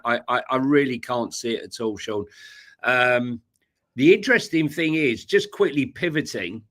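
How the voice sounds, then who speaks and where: Bright-voiced man, hesitant chat. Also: medium pitch. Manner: hesitant, many fillers and restarts. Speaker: co-host of a football podcast. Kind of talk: casual live-stream chat.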